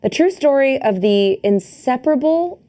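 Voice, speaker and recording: A woman's voice: high-pitched, lively intonation, moderate pace, dark tone. A woman co-hosting a podcast in casual, playful chat, laughing often. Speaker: podcast co-host.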